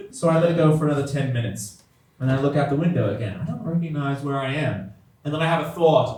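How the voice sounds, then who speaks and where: High-voiced man doing stand-up. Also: normal speed. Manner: exasperated, incredulous outbursts between deadpan narration. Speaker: stand-up comedian. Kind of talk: stand-up storytelling. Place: comedy venue stage. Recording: echoey venue heard from a distance with music.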